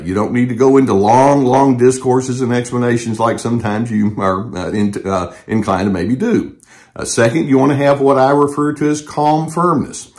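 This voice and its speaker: Calm measured older man giving advice. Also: medium pitch. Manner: calm, measured, with frequent fillers and restarts. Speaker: therapist and channel host. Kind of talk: advice talk to camera.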